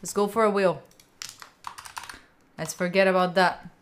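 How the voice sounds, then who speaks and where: A young woman from Italy, with an Italian accent, hosts a casual livestream from a room at home, swearing freely and reacting to her live chat. Her voice is fairly low and even, a little slow, with a slight hiss or hum.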